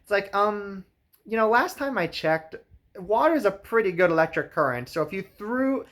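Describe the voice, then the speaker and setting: A man's voice: high-pitched, lively intonation, moderate pace, a bit bright. A man giving a sarcastic comedic recap of a film, wry and full of "like" fillers. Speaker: movie reviewer.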